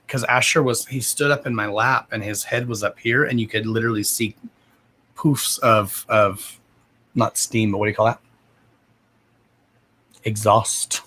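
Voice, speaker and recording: Chatting casually with viewers by name, this young man runs a psychic reading livestream, laughing a lot and swearing freely. He speaks in a medium pitch with a fairly bright tone.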